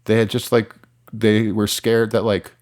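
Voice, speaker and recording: A man's voice: lowish voice, monotone, unhurried, a little mellow. A man in his forties from Michigan, a musician guest talking casually in an interview, rambling with lots of "like" and restarts. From Michigan, USA. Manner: rambling, heavy use of "like", frequent restarts.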